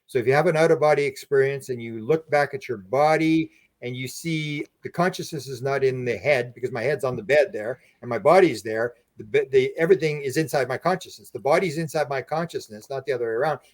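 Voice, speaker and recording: A man's voice: mid-range voice, quick pace, no echo. A man talking as a podcast guest, explaining his ideas with earnest, rambling restarts. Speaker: podcast guest, UFO researcher. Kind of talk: conversational interview.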